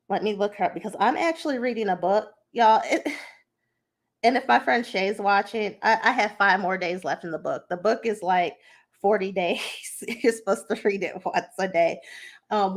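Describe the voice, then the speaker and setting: A young woman hosts her own podcast from home, speaking with an emotional, heartfelt warmth and a lot of fillers as she rambles. Her voice has a gravelly, creaky edge at an ordinary middle pitch. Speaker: podcast host. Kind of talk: casual personal talk.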